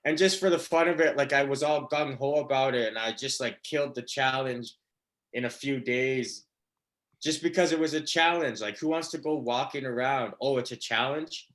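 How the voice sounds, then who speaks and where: A man's voice: medium pitch, normal speed, a bit bright. A man doing a stand-up comedy set, rambling with lots of fillers and laughing at his own jokes. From Canada.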